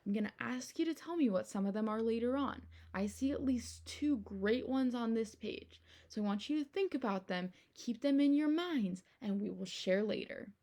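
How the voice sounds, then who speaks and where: A woman's voice: fairly high pitch, moderate pace, hardly any pauses. A young adult woman teacher reading a picture book aloud to her class, asking the children questions as she goes. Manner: animated storytime delivery with questions to children.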